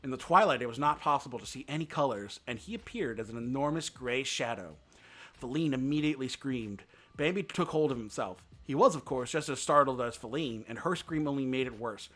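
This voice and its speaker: A man's voice: mid-range voice, animated, fairly quick, fairly bright tone. A man reading a classic children's story aloud on a live stream, narrating expressively. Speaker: VTuber reader.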